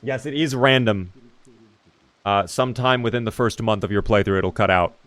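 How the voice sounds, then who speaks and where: Speaking at normal speed in a lowish, fairly bright voice, a man plays a video game on stream and chats casually with viewers. He reads their messages aloud, replies, and occasionally curses.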